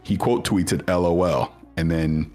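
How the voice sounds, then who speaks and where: A man telling a long personal story in casual chat, animated, acting out what others said. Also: normal speed. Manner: animated storyteller, acts out quoted voices at much higher pitch. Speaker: podcast guest.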